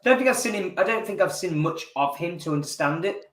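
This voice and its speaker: A man's voice: high-pitched, lively intonation, a little fast, a crowd in the background. A man co-hosting a wrestling podcast, blunt and candid in casual chat. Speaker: podcast co-host. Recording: roomy echo.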